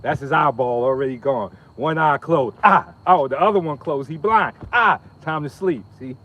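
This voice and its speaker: A man's voice: fairly high pitch, moderate pace. Trash-talking man on a live stream. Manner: trash-talking, joking, loud bursts and laughter. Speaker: martial arts instructor streaming a workout. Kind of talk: casual live-stream banter while training.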